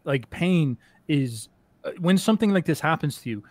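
A man's voice: on the high side, lively intonation, normal speed, dry recording. A man speaking casually as a podcast guest, rambling and swearing, with many restarts and fillers. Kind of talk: casual conversation.

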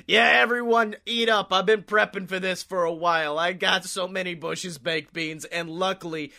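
Rambling comedy podcaster, bright and cutting tone, swears constantly. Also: medium pitch, moderate pace, vocal fry. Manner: rambling, profane, excitable. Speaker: podcast host and storyteller. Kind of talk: improvised comedy storytelling.

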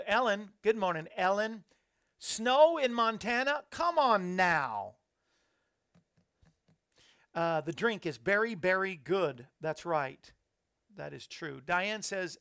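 This gravelly-voiced man hosting live sits high in pitch with a fairly bright tone, chatty and upbeat as he reads viewer comments aloud. A studio microphone captures him in a small studio under hot lights.

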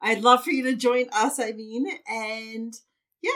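Woman guest giving pep-talk advice, highish voice, sounds a little far from the mic. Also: fairly even intonation, unhurried, fairly bright tone. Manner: encouraging, coaching tone. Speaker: podcast guest. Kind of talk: casual chat.

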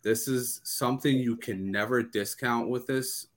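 A man appearing as a podcast guest, giving football analysis in a quick, emphatic way and building his points with questions. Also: medium pitch, steady tone.

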